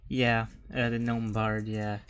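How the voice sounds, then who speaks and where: Slow-talking man at a game table. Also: on the low side, level tone. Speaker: player. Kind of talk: casual game chat.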